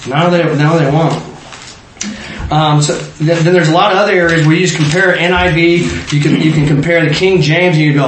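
A man who is an adult parent leads an interactive Bible study, speaking at normal speed in a higher-pitched voice. He talks conversationally, quizzes his small group and often restarts his sentences. The room is echoey with faint noise.

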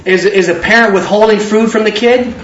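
A man's voice: sits high, fairly even intonation, a little fast, fairly bright tone, slight background noise. A man preaching an informal sermon, talking conversationally and acting out both sides of little dialogues. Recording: distant roomy hall, dull lo-fi sound.

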